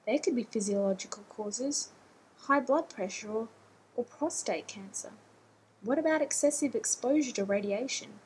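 A woman's voice: a little high, a little mellow, slightly rough, low-quality recording. A woman voicing a fretful, snappish man. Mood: anxious. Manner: nervous, quick to snap. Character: anxious fussy man, rambling and sharp.

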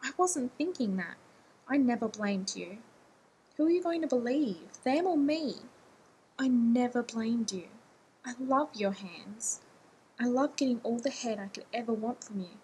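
A woman reading an audiobook voices an anxious man who pleads in rushed, self-deprecating bursts. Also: on the high side, expressive, a little mellow, breathy edge, full character voice, poor audio. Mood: frantic. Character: anxious, rambling adult man.

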